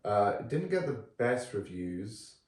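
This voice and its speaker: A relaxed, chatty man with a fairly low voice talks through films as a podcast co-host. He sits back from the mic in an echoey room. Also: measured pace. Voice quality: relaxed, chatty with frequent fillers. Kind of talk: casual film review chat. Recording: roomy, distant from the mic.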